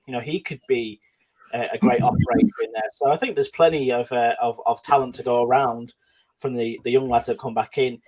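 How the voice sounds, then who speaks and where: A man's voice: medium pitch, darkish tone. A man hosting a casual football chat podcast, talking with many fillers and restarts and putting questions to his co-hosts. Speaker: podcast host.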